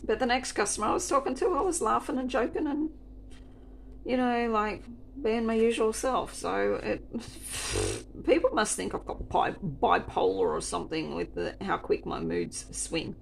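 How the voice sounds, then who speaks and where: A woman with a gravelly, creaky edge to her voice, chatting casually and wryly as she rambles through a story. Her pitch sits in a middle range, and faint ambient noise hums behind her. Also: moderate pace. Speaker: restaurant server.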